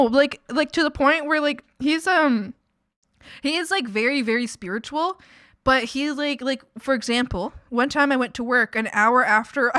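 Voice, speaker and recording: A woman's voice: fairly high pitch, fairly bright tone, no room sound, clean studio sound. A young woman streamer telling rambling stories about her coworkers in casual chat, giggling often and quoting people in her own voice.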